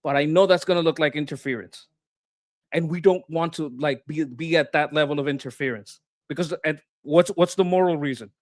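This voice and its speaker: A man's voice: on the high side, a little fast, dry recording, studio quality. A man arguing his political views with heat, swearing and repeating himself as he gets worked up. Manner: impassioned, swearing, repeats words when worked up. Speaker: co-host. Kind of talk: heated political discussion.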